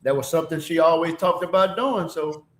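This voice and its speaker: A man's voice: fairly high pitch, a little fast, fairly bright tone, roomy sound. A man, a guest chatting casually and easygoingly. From Mississippi. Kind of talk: casual interview chat.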